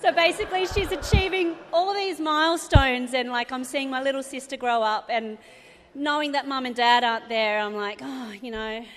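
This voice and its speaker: Chatty high-voiced Australian woman. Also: steady tone, normal speed. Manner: chatty, rambling, laughs often. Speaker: bride's sister giving a wedding speech. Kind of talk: casual wedding speech. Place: wedding reception venue. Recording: reverberant hall.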